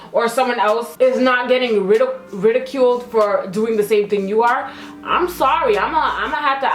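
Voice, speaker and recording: Young woman doing makeup and telling a story, mad slangy, kinda high voice, faint music underneath. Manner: animated, slangy, acts out quotes. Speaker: beauty vlogger. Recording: roomy echo, faint music.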